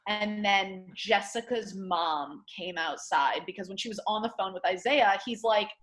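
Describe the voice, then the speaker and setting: A young adult woman from the Detroit area, a comedian telling a story on a podcast in casual chat, acting out quotes with big loud voices. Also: medium pitch, a little slow. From Michigan, Detroit area. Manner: animated storyteller, acts out quotes loudly. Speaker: comedian guest.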